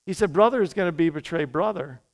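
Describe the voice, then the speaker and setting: A male pastor preaching a sermon in a church, energetic and conversational, with quick asides to the congregation. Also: fairly high pitch. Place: church sanctuary.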